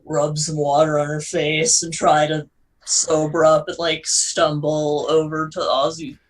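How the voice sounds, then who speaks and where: Slow, bright-voiced player, far from the mic. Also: medium pitch, completely flat delivery. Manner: halting, many fillers. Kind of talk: describing character actions in a tabletop game.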